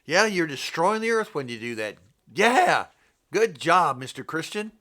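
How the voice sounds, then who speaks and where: An older man preaches off the cuff in a rambling, scolding monologue. His voice sits a bit high for a man and has a sharp, forceful edge. He jumps from point to point without notes. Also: sing-song, a little slow. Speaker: Bible teacher.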